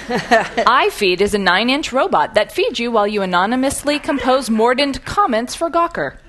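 Wry woman with a lively, lilting voice. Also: a little high, a little hiss or hum. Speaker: panelist reading a comic story. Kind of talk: scripted comic reading.

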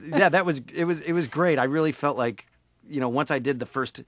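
A man with an upstate New York accent and a nasal voice, a voice actor telling stories in a casual radio interview, with quick turns into impressions. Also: a little high, no echo. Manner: animated storyteller, slips into impressions and laughs often. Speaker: voice actor guest.

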